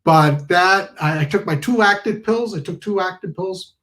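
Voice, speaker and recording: A man tells a casual, comic anecdote. His voice sits a little higher than most men's, and he rambles through it with restarts, asides and self-corrections. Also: measured pace, fairly bright tone, poor audio. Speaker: storyteller.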